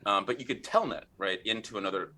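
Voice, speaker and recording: A man's voice: on the low side, fast talker, sharp tone. A middle-aged man, a podcast guest, telling a rambling story in casual interview talk, full of fillers and restarts.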